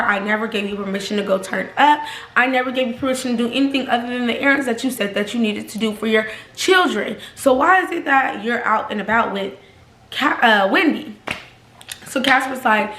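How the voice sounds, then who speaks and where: A young woman vlogger, telling a personal story casually and acting out the quotes in a raised voice. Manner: animated, acts out quotes in higher pitch. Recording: echoey room, faint background noise.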